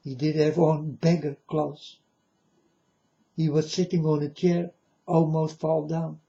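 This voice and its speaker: High-voiced, slow-talking man preaching. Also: little pitch movement, vocal fry, mellow, highs cut off. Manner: earnest, halting, non-native phrasing. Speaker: religious video maker. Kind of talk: emotional religious monologue.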